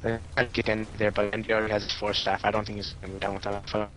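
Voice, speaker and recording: A man giving color commentary on a game over a choppy internet call, pausing and restarting often. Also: lowish voice, level tone, a bit bright, slight background noise. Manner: halting, restarts and filler words. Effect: choppy internet call audio. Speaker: esports co-caster.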